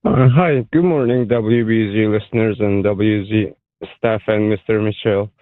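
A man calling in to a radio show, emotional and halting, with many fillers and restarts. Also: fairly low pitch, steady tone, dry recording. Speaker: caller. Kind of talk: call-in radio caller telling a personal story. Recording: tinny phone line.

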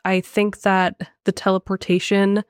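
A young woman co-hosting a casual film podcast, animated and laughing often as she talks in quick bursts. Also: mid-range voice, clear, resonant tone, no echo, studio quality. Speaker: podcast co-host.

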